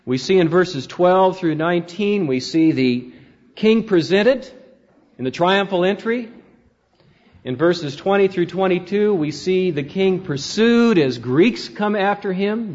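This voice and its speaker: A man with a high voice preaches a Sunday sermon, reading scripture aloud and rising and falling sharply for emphasis. The sound is dull and lo-fi, with a long reverb trailing through the church sanctuary. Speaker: pastor.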